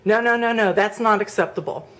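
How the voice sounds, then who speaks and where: A woman's voice: mid-range voice, brisk, a bit bright, a little hiss or hum, lightly acted. Bossy older Italian-born woman neighbor, insistent and firm, quoted by a woman vlogger.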